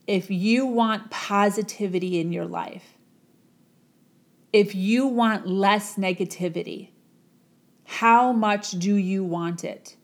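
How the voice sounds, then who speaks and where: Slow dramatic woman storyteller. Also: mid-range voice, creaky. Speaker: motivational speaker. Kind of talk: storytelling talk.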